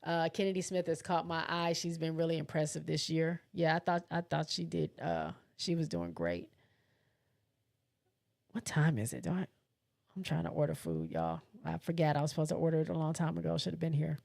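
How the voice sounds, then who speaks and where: A woman's voice: low voice, animated, fairly quick, creaky, a little mellow. Woman rambling casually on a livestream, reading comments, lots of ums. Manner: chatty, loose, thinking aloud with fillers and laughs. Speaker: livestream host.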